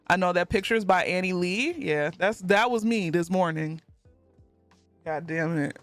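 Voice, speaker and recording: A woman's voice: lowish voice, normal speed, a bit bright, dry recording, soft background music. A woman streaming live and reading chat messages aloud, talking in a casual way and laughing often.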